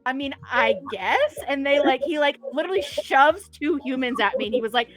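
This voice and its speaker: A woman's voice: high-pitched, expressive, fairly quick, fairly bright tone, soft background music. A woman chatting casually on a show, telling rambling stories full of tangents. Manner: rambling, tangent-prone storytelling. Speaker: podcast co-host. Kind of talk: casual chat.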